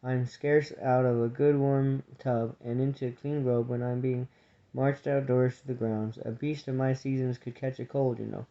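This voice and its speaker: A man's voice: mid-range voice, little pitch movement, moderate pace, mellow, lightly acted. A man voicing a grumpy old male creature who grumbles in rustic speech, on a dull lo-fi recording.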